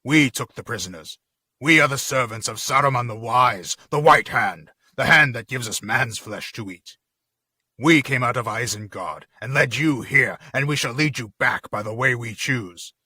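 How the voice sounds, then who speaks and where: A man's voice: mid-range voice, normal speed, sharp tone, slightly rough, no echo. A man voicing a boastful, brutal male orc captain in a dramatic reading, growling and domineering.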